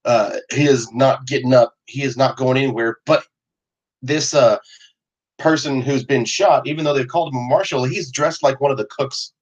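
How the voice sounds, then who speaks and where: A man narrating as game master in a relaxed, chatty way with many fillers. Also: mid-range voice, normal speed, highs cut off.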